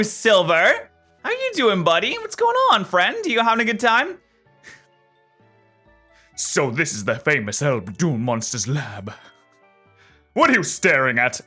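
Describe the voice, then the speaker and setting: A young man hosting a let's play, chatting through the game with excitable, jokey remarks. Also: high-pitched. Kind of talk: gameplay commentary.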